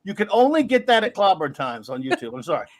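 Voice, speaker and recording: A man co-hosts a live streamed show, joking around and greeting viewers by name in casual chat. His voice is high-pitched and sing-song, and he talks fast.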